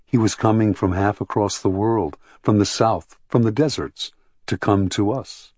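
A man voicing a calm, weary mother. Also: lowish voice, unhurried, no room sound, clean studio sound. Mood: soft. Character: calm adult woman, a tired mother.

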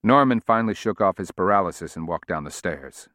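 A man reading a novel aloud in a measured, steady audiobook narration. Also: low voice, no room sound, clean studio sound.

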